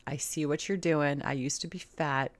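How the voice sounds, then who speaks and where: A woman's voice: deep voice, fairly even intonation, normal speed. A woman hosting a reaction video, talking bluntly and sarcastically and swearing often. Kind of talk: casual commentary.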